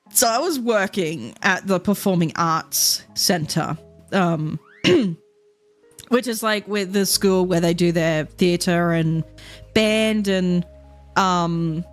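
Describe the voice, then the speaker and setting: A woman, telling rambling stories in a casual chat with her viewers, swearing freely and laughing often. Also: on the low side. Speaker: VTuber streamer.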